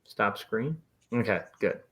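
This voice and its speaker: A man's voice: fairly low pitch, expressive, slow, fairly bright tone. Upbeat man in casual podcast chat. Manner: upbeat, thinking aloud with fillers. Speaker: podcast co-host and artist.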